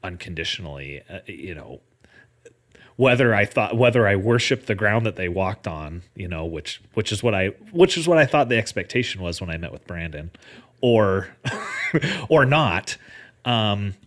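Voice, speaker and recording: A man's voice: fairly low pitch, very animated, moderate pace. A man talking as a podcast guest, casual and reflective, often circling back and restarting his thoughts. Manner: reflective, many fillers and restarts, laughs lightly. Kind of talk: casual conversation.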